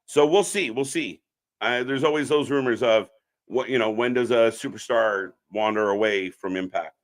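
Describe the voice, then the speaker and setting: A man co-hosting a live wrestling stream, chatting casually and reacting loudly to the action. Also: mid-range voice, normal speed.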